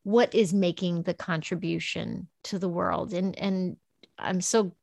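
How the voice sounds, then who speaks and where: A woman's voice: on the low side, steady tone, measured pace, creaky, a little mellow, dry recording. A woman hosting a podcast, interviewing a guest and then summing up, encouraging and enthusiastic. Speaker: podcast host. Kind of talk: interview and host wrap-up.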